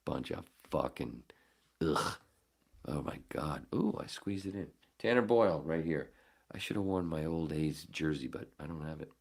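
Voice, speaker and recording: A man hosting a podcast, telling a story casually with lots of swearing and acting out his own shouting. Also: very deep voice, normal speed, gravelly, husky. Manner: profane, animated, acts out his own shouting. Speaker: podcast host.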